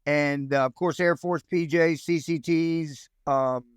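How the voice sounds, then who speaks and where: A man in his fifties with a drawl rambles through his story as an interview guest. His voice sits a bit high for a man, and he keeps restarting lines and slipping into quoted dialogue. The recording is close and dry, with no room sound. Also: fairly even intonation, slow, clean tone, dry recording. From United States. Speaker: guest, former Army Ranger.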